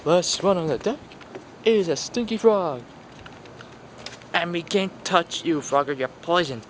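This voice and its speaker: A man telling a toy story in a playful way, jumping between silly high and low character voices. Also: a little slow, a little hiss or hum. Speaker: toy video maker voicing all characters.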